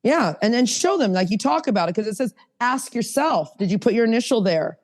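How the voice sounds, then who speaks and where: A woman teaching a sponsorship workshop over a video call, talking in a lively, chatty, coaxing way. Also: on the high side, fairly quick.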